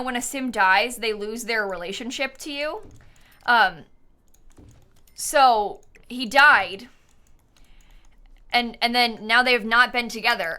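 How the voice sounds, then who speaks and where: A woman's voice: a little high, pushed and bright, clear, resonant tone. A woman from the United States live-streaming a game, chatting casually and rambling, often laughing and answering her chat.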